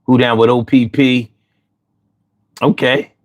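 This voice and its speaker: A man hosting a casual chat, telling stories with lots of swearing and putting on high voices when he quotes himself. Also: slow pace, highs cut off. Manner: animated storyteller, swears freely, jumps into high voices for quotes. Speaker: host.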